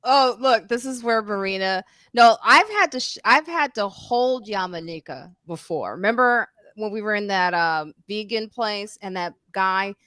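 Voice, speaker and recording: A woman hosting a live-streamed podcast, jumping in quickly and recalling shared stories in casual chat. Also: medium pitch, expressive, a bit bright, no room sound, studio quality. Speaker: podcast host.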